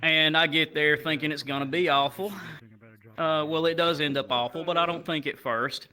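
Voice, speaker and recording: A young man doing crude, animated stand-up storytelling that jumps up into loud shouts. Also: on the high side, normal speed. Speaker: stand-up comedian.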